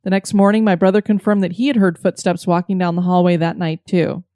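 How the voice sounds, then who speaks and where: A woman co-hosting a podcast, reading listener stories in a steady, matter-of-fact way and chatting. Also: lowish voice, brisk, no room sound, studio quality. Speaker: podcast co-host.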